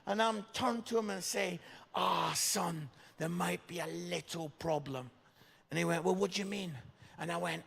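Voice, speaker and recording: A Scottish man in his fifties, a pastor telling comic stories in a sermon, animated and tagging his lines with "yeah?". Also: high-pitched, a little slow, gravelly. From Scotland. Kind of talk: sermon storytelling. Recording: reverberant church hall.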